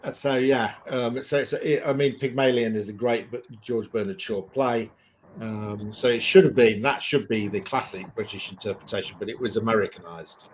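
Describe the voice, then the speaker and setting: On a geeky chat stream, a male panelist tells stories casually in a low-ish voice with fairly even intonation, at normal speed. He fills his talk with um and you know. A little hiss or hum sits in the background.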